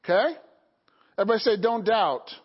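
Pastor, male, high voice, call-and-response sermon, dull lo-fi recording. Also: expressive, a little fast, husky. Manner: call-and-response preaching, frequent "Okay?" and "Amen?".

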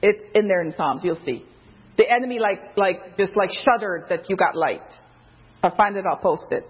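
A woman preaching an informal sermon, loose and conversational, with many fillers, who jumps higher in pitch when she quotes someone. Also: normal speed, husky. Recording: dull lo-fi recording.

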